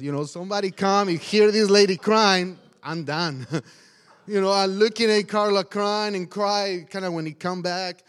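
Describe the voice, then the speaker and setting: A man, a pastor and missionary, telling a testimony story in animated, non-native English, laughing often along the way. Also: high voice, normal speed.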